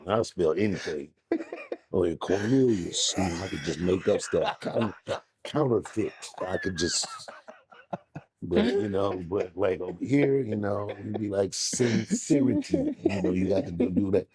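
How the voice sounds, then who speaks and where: A man's voice: low-pitched, big pitch swings, a little slow, darkish tone, breathy edge. A man, a comedian guest, telling rambling comic stories in casual chat and acting out little voices along the way.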